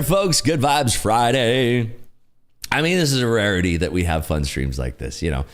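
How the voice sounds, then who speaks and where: A man's voice: on the low side, big pitch swings, normal speed. A man hosting a casual livestream from his garage, joking, laughing often and repeating catchphrases. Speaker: livestream host. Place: home garage.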